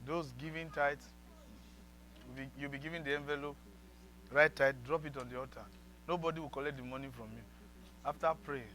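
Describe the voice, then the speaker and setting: Preacher man with a bright, forceful voice. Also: a little high, fairly even intonation, a little fast, long pauses, a little hiss or hum, poor audio. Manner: leads the congregation in repeated prayer lines. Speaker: pastor. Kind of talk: sermon and guided prayer.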